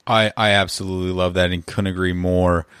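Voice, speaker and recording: A man's voice: low-pitched, level tone, fairly quick, a bit bright, smooth, no room sound, clean studio sound. A young man hosting a podcast, talking in an enthusiastic, encouraging way. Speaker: podcast host. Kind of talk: interview and scripted outro.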